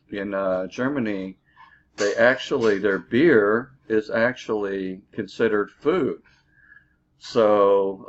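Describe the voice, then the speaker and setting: A man giving a casual beer review, halting and full of fillers, recorded on a dull lo-fi mic. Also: on the low side. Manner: halting, filler-heavy, easygoing.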